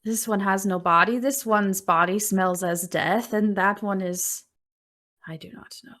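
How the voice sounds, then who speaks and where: A woman voicing a huge, menacing ancient witch, loud and gruff. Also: mid-range voice, unhurried, natural voice.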